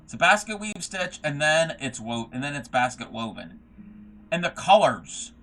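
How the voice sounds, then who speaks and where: Young guy on a craft stream, kinda high bright voice, rambles and reads chat out loud. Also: very animated, normal speed. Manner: rambling, reads chat aloud, trails off with fillers. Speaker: craft livestream host. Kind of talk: casual livestream chat.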